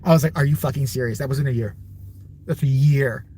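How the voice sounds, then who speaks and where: A man's voice: medium pitch, a little fast, dark tone, husky. A man vlogging from his car, ranting in a sarcastic, profane, exasperated way. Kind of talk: casual profane rant to camera.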